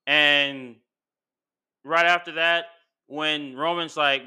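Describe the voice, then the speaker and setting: A man casually recapping a wrestling show, animated and slangy, acting out what the wrestlers said. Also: on the high side, slow, smooth. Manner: animated, acts out quotes with slang. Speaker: wrestling commentary vlogger.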